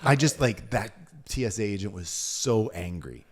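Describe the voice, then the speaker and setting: A middle-aged man hosts a casual podcast chat, telling stories with plenty of swearing. His pitch moves widely, and he loudly acts out what other people said. He talks with an easy, storytelling energy. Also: animated, normal speed, slightly rough. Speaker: podcast host.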